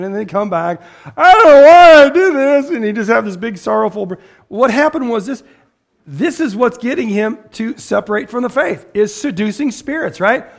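A pastor who preaches plainly and bluntly, like he is chatting with the room. His voice sits high for a man and has a gravelly edge. He restarts and repeats words as he goes and slips into quick impressions of the people in his stories. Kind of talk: casual sermon.

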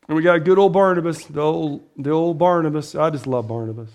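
A man preaching a casual sermon, talking things through with the room, asking for agreement and often clearing his throat. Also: fairly high pitch, lively intonation, normal speed. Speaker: pastor.

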